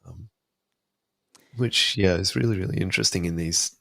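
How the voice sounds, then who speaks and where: A man's voice: deep voice, normal speed, creaky, fairly bright tone, dry recording, clean studio sound. A young adult man with an Australian accent, chatting thoughtfully about film music as a podcast guest, with many fillers. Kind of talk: casual podcast discussion.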